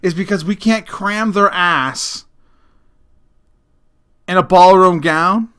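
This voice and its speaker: A middle-aged man hosts his own comedic rant podcast, blunt and heavy on profanity. His voice sits high for a man, and he often laughs at his own jokes. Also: slow, pushed and bright, clear, resonant tone. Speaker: podcast host.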